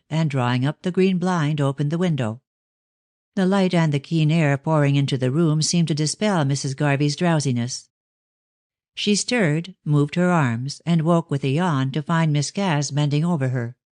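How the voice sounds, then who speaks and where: Lady reading a story aloud, lowish voice, dead dry sound, steady pace. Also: no room sound. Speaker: audiobook narrator. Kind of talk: scripted narration of a mystery novel.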